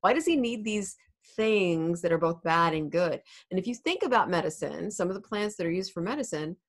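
A woman's voice: lowish voice, expressive, fairly quick. Chatty woman teacher explaining a play. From United States. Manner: chatty and explanatory, laughs easily. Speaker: English teacher. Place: home room. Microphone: desk mic.

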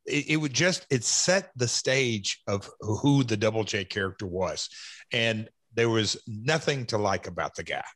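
A man's voice: medium pitch, a bit bright, dry recording. A Southern man in his fifties talks through old memories on his podcast, stopping and restarting as he thinks. His voice sits mid-range and sounds dry and close. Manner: reflective, halting, restarts. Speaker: podcast host. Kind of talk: casual podcast chat.

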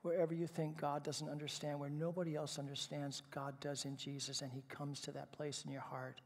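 A male pastor preaching a sermon in a conversational way, stumbling over repeated words and swinging from hushed to loud and emphatic. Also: on the high side, flat delivery, fairly quick. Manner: conversational, with repeated false starts. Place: church sanctuary. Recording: reverberant church hall.

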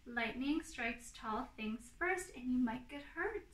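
A woman plays a protective mother fox in a storybook, slow and measured as she warns the children. The voice stays high and bright, with a little room echo. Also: animated, recorded from a distance, full character voice. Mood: serious.

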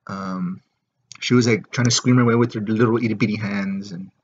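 A man's voice: fairly low pitch, fairly even intonation, moderate pace, slight background noise. A man ranting casually to camera in a profane, rambling way, full of filler words. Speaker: vlogger. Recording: dull lo-fi recording.

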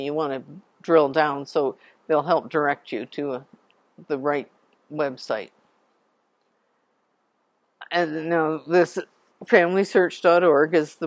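A woman giving an informal public talk as a genealogy society speaker, chatty and digressive, clearing her throat now and then. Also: deep voice, dry recording.

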